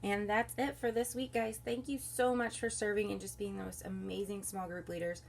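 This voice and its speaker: A woman's voice: medium pitch, steady tone, moderate pace, gravelly, a little hiss or hum. A woman who leads children's ministry, walking volunteer small group leaders through the week's kindergarten lesson in an upbeat, instructive way. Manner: soothes a baby softly mid-lesson. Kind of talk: recorded training walkthrough for volunteers. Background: crying baby.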